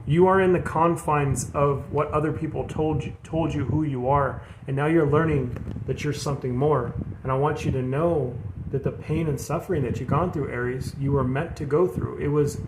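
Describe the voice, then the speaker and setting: A man giving a casual spiritual tarot reading, earnest and rambling, often repeating himself and calling his viewers "you guys". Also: mid-range voice. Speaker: tarot reader. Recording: echoey room with background noise.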